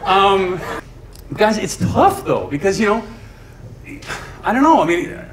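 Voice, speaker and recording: A man doing stand-up comedy for a live audience, chatty and animated, often laughing at his own jokes. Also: high-pitched, slow, a crowd in the background. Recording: echoey room, audience laughter, noise.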